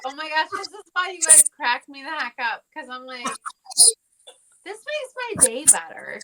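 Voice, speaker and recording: A woman's voice: high-pitched, very animated, normal speed, a crowd in the background. A woman guest on a podcast, chatting casually with lots of "like" and giggles. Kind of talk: casual chat. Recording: noisy podcast recording.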